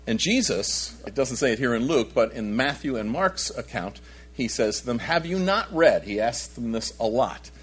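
A man preaching a conversational Bible lesson, animated, asking his listeners rhetorical questions. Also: mid-range voice, moderate pace, husky. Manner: animated, asks rhetorical questions, frequent restarts. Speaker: pastor teaching a Bible study. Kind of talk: conversational sermon.

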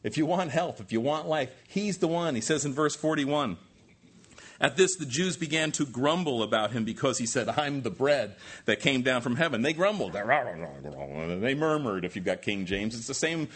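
Husky, animated man preaching a sermon. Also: medium pitch, moderate pace. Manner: animated preaching, rising emphatic peaks, rhetorical questions. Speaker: pastor.

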